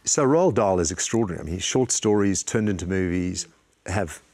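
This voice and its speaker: Talk-show guest: man, lowish voice, easygoing storyteller. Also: fairly quick. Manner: relaxed anecdotal storytelling. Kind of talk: casual talk show chat.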